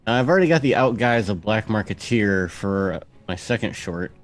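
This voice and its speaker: Lively-voiced man playing a tabletop game. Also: on the low side, moderate pace, soft background music. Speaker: player.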